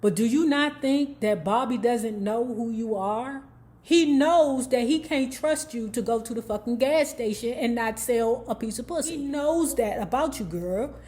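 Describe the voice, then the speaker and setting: A woman's voice: on the high side, unhurried, darkish tone. Sassy, profane woman dishing book gossip. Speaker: book review vlogger. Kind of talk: casual commentary on a book.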